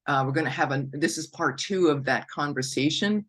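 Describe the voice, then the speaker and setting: A woman's voice: sits low, fairly quick, a bit bright, breathy edge. Effusive woman hosting a podcast. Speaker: podcast host. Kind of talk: casual podcast introduction.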